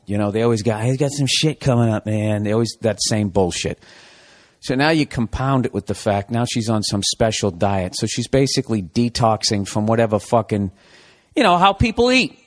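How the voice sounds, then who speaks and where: A man's voice: lowish voice, sing-song, fairly quick. Profane, rambling man venting. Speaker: podcast host. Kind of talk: casual comedic monologue.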